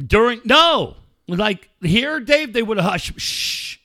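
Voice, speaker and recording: A man in casual chat, telling a profane, animated story to a friend. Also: high-pitched, takes it slowly, no room sound, clean studio sound. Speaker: podcast co-host telling a story.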